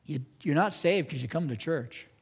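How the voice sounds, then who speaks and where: Husky and slightly high, this pastor's voice is expressive and moderately paced. He preaches earnestly and emphatically in the sanctuary, with strong upward surges, the hall echoing with long reverb.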